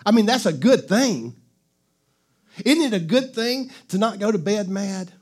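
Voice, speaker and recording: High-voiced man preaching a lively sermon. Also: unhurried, slightly rough. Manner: conversational, laughing, call-and-response with the congregation. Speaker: pastor.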